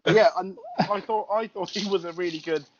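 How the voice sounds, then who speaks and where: A man's voice: high voice, steady tone, brisk, noisy background. A man co-hosting a casual film review podcast, rambling with many stumbling restarts. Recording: lo-fi podcast audio.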